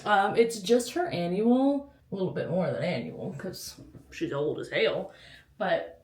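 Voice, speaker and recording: A woman's voice: on the low side, lively intonation, measured pace, darkish tone. Chatty woman with a slight lisp. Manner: chatty, anxious, self-interrupting. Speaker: book vlogger. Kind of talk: casual vlog chat.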